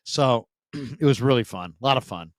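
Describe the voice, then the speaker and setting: A man, a sports radio host, telling stories in a casual, animated way and mimicking other people's voices. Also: moderate pace, no room sound. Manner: animated, mimics voices with big pitch jumps. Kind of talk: casual storytelling chat.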